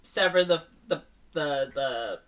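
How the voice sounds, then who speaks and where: A woman's voice: low voice, slow, recorded from a distance, a little hiss or hum. Rambling woman recapping a movie, off-mic. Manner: rambling, filler-heavy retelling with many "like" and "um". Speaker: podcast co-host.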